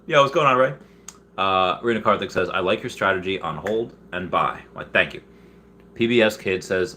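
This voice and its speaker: A man with a fairly low but bright, forceful voice hosts a loose livestream, chatting through viewer comments. He rambles, restarts his sentences and laughs often, and sometimes jumps into high, loud voices when he quotes someone. A faint hiss of noise sits under his voice. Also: moderate pace. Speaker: livestream host. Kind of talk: casual livestream chat, reading viewer comments.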